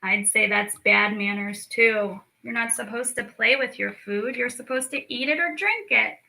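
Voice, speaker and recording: A young woman teaching a children's lesson, slow and encouraging as she speaks to young kids. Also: fairly high pitch, creaky, bright, forceful tone, poor audio. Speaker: speech clinic storytime teacher.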